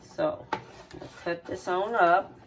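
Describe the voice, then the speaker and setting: Middle-aged woman cooking at home, kinda low voice, takes her time, keeps asking okay?. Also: fairly even intonation, slow pace, slight background noise. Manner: homey, repeats steps, checks in with 'okay?'. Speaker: home cook and channel host. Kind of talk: casual cooking demonstration. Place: home kitchen.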